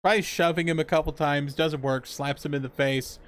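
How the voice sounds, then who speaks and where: A man's voice: a little high, fairly even intonation, moderate pace. A man casually recapping a TV episode on a podcast, swearing freely and laughing as he acts out characters' lines. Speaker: podcast co-host.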